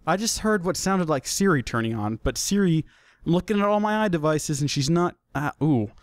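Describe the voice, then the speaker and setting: A man's voice: on the high side, expressive, fairly quick, no room sound. A young man hosting a casual solo podcast, chatty and jokey, often restarting his sentences. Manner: chatty, jokey, self-deprecating, with many restarts. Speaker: podcast host.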